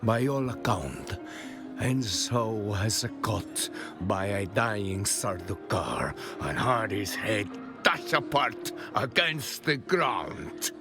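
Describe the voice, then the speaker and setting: An actor playing a grizzled male soldier veteran in a video game, telling war stories in a gruff, measured way. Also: lowish voice, lively intonation. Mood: grim. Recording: game audio under music.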